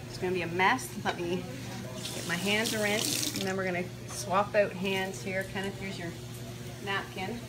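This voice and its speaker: A woman's voice: mid-range voice, fairly even intonation, normal speed. A woman hosting a casual cooking video, talking to the camera in a bubbly, playful, chatty way while she cooks in a kitchen. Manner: bubbly, playful and chatty, with sing-song asides. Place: kitchen at a retreat center. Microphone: handheld camera or phone. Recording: noisy ambient background.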